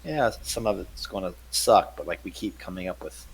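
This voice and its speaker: A man's voice: sits low, lively intonation, normal speed, creaky, a little hiss or hum, low-quality recording. A man who plays tabletop games, rambling in casual podcast chat and repeating words as he thinks aloud. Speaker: tabletop game player.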